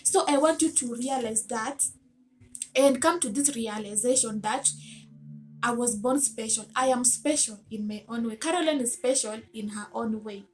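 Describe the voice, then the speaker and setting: A woman's voice: fairly high pitch, normal speed. A woman giving a motivational self-help talk to camera, earnest and coaxing, asking her listeners many rhetorical questions.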